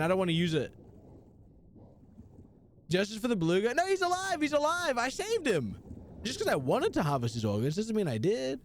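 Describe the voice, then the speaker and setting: Young male streamer, animated and chatty, high voice with very lively swings. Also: slight background noise. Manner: animated, chatty, replies to chat with slang. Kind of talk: casual live gaming stream.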